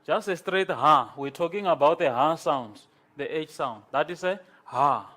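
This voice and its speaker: A man lecturing a class on Greek, slow and halting, with many pauses and repeated words. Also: fairly high pitch, lively intonation, pushed and bright.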